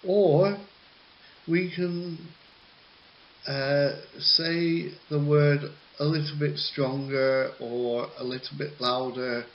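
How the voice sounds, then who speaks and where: A man teaching an English lesson, explaining answers with patient, jokey asides and frequent pauses. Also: mid-range voice. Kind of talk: recorded classroom lesson. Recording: slightly muffled with faint hiss.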